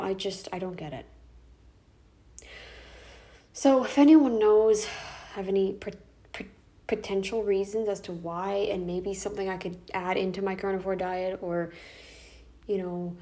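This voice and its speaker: A woman's voice: mid-range voice, mellow. A tired, tearful woman venting in a personal vlog from her bedroom, sighing and restarting as she talks. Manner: upset, venting, with restarts and sighs. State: tearful, exhausted. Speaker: vlogger. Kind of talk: emotional personal vlog rant. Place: bedroom, indoors.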